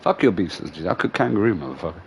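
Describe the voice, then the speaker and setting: A middle-aged man hosting a gaming livestream, chatting casually and swearing through animated stories full of slang. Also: deep voice, racing, vocal fry, slight background noise. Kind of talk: casual chat.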